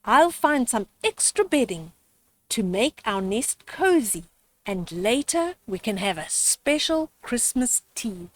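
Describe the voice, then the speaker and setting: A grandmotherly woman voicing a gentle, kindly mother mouse who speaks softly and warmly in a storybook reading. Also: fairly high pitch, very animated, slow pace. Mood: tender.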